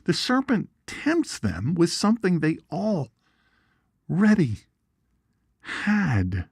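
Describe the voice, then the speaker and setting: A man's voice: sits high, drawn-out words, vocal fry, husky, dry recording, clean studio sound. A man hosting an informal Bible teaching show, folksy and chatty, with jokes and asides. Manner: folksy and animated, asides and jokes, reads viewer comments.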